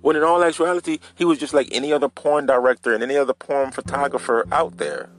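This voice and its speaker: A man's voice: medium pitch, steady tone, quick pace, soft background music. A man hosting a casual solo podcast, telling a story in a loose, rambling way and talking straight to his listeners. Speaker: podcast host.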